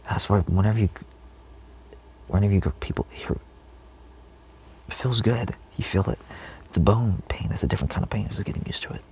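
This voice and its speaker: A man's voice: lowish voice, a little fast, creaky, pauses often, darkish tone, a little hiss or hum. A man giving a rambling spiritual monologue, full of fillers, often dropping into a whisper. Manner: meandering, many fillers, often trails off into whispers. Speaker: spiritual vlogger.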